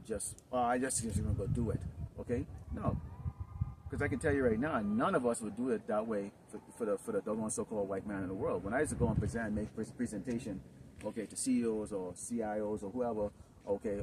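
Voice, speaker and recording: Low-voiced man preaching from a distance. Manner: rambling, peppered with "okay?" and "you know"; swings into loud, forceful outbursts. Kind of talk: improvised street-camp sermon. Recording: distant mic with noisy background.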